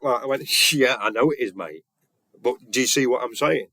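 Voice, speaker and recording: Gravelly man, blunt storyteller. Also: mid-range voice, normal speed, sharp tone, no room sound. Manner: retells conversations with "I went, he went", blunt and earnest. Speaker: vlogger. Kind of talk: casual storytelling monologue.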